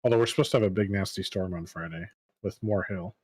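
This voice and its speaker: A man's voice: low voice, fast, a little mellow, breathy edge, no echo. A man co-hosting a game livestream, chatting casually with viewers in an easygoing way. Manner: easygoing, laughs often. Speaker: stream co-host. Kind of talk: casual livestream chat, reading chat aloud.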